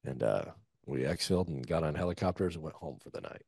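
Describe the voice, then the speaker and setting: Veteran man, very deep and husky, rambling profane storyteller, dry recording. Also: lively intonation, quick pace, a little mellow, no echo. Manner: loose, profane war storytelling with many fillers. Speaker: guest, former Army Ranger. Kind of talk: casual storytelling interview.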